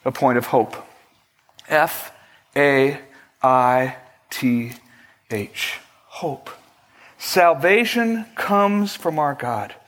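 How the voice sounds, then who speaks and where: Slow, measured male preacher. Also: medium pitch, fairly bright tone. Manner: measured preaching with slow, emphatic prayerful quotes. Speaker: pastor. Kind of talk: sermon. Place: church sanctuary.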